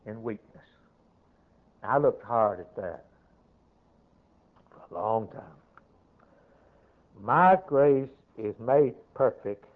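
A man preaching a sermon, emphatic, moving between loud declarations and quiet, dropped-off asides. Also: mid-range voice. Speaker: pastor. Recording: tinny, narrow-band old sermon recording.

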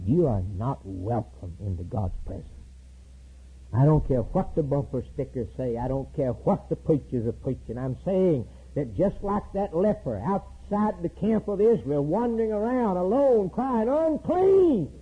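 Raspy, lively preacher man on tinny tape. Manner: preaching with sudden loud high climbs and slow emphatic repetitions. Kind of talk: sermon. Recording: tinny lo-fi recording.

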